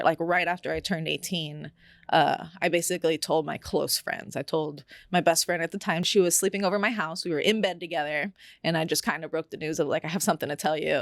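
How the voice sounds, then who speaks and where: A lower-voiced young woman tells a candid personal story, unhurried and reflective and full of fillers. She is recorded close up in a dry, dead room. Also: dry recording.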